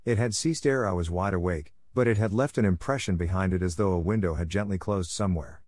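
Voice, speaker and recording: Male audiobook narrator, low voice, dry close recording, measured first-person telling. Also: a little mellow, no echo.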